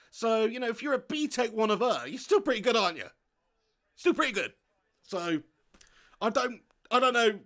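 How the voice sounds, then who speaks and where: At an extremely high pitch and normal speed, with long pauses, a young man hosts a live football watch-along. He reads viewer comments, chats excitably, laughs a lot, and swears casually.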